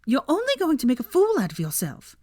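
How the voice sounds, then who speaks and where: A woman puts on a high, shrill young woman who pleads and scolds in alarm. It comes across in a dry, close fan fiction reading. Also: wildly swooping pitch, quick pace, a little mellow, no echo.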